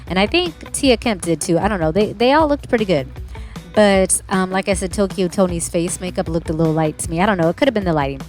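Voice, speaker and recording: A woman's voice: on the low side, lively intonation, quick pace, darkish tone, soft background music. Chatty rambling woman reviewer. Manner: rambling, chatty, hedging asides. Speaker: show reviewer. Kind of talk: casual commentary.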